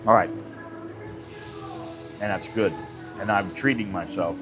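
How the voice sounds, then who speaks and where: An American man tells a rambling story in a relaxed live stream, his voice sitting low. He acts out bits of dialogue as he goes. Music plays clearly in the background. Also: a little slow. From United States. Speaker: vlogger. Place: Thailand, drinking coffee.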